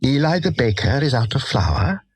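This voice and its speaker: A man's voice: mid-range voice, big pitch swings, moderate pace, a little mellow, breathy edge, no room sound. A man voicing a cheerful train driver who calls out heartily. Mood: hearty.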